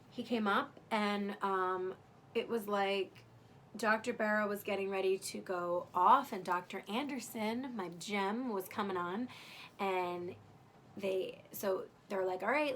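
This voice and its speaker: Young woman just chatting thru her story, lots of "like", kinda blunt, normal pitch, bit of low background hum. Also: slow pace, a bit bright. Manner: chatty, heavy use of "like", candid with swearing. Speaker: new mother telling her birth story. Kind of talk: casual storytelling.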